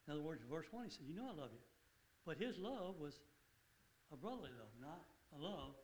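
A man's voice: fairly high pitch, a little hiss or hum, poor audio. Earnest man teaching scripture informally. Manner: earnest, conversational, repeats points with rising emphasis. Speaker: Bible study teacher.

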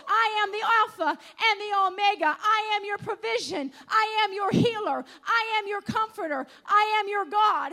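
Very high-voiced fervent woman preacher. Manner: fervent, rising to shouts and dropping to hushed scripture reading. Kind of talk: Pentecostal-style sermon.

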